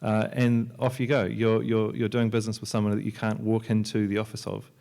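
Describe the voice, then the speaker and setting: A low-voiced man, a software entrepreneur and filmmaker, gives a joking conference talk as a panel speaker in a lecture hall at a library. He sounds monotone, brisk, creaky, and warm. He's loose, with many restarts and fillers.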